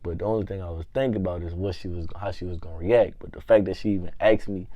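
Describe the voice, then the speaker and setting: Low-voiced man telling a slangy story. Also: quick pace, no echo. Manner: animated slangy storytelling, swings from hushed to loud. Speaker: vlogger. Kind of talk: casual storytime.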